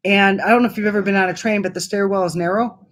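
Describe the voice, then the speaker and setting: A woman's voice: mid-range voice, steady tone, rapid-fire. A middle-aged woman from Wisconsin, telling a personal story to her channel in a chatty way with many fillers and restarts. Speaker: vlogger.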